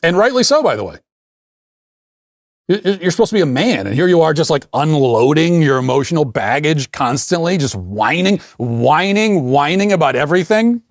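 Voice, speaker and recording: A man's voice: on the high side, sing-song, moderate pace, no echo, studio quality. A man hosting a show and delivering a blunt, emphatic opinion monologue in a lecturing tone. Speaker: political commentator hosting a show.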